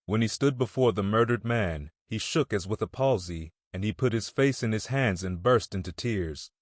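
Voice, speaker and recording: In a measured, steady way, a man narrates a classic novel as an audiobook reader, his voice sitting on the low side. This scripted narration is recorded dry and close, without any room sound.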